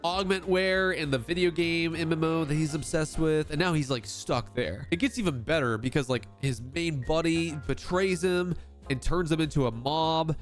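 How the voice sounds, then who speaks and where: Man reviewer, upbeat slangy delivery, slightly high voice, soft music underneath. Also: moderate pace. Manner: animated, slangy, laughs often. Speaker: book reviewer. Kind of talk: casual book review vlog.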